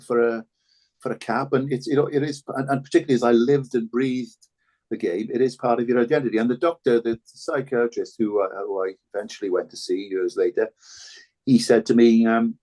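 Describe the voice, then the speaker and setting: A man's voice: mid-range voice, fairly even intonation, brisk, dark tone. An older Welsh man, a former rugby fullback, talking reflectively as a podcast guest, often repeating words and restarting. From Wales. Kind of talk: reflective interview talk.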